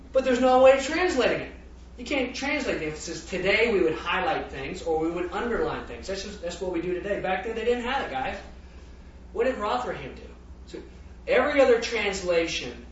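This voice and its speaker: Male preacher, high and animated, dramatic scripture reading, distant roomy lo-fi recording. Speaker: Bible teacher. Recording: distant, roomy, dull with faint noise.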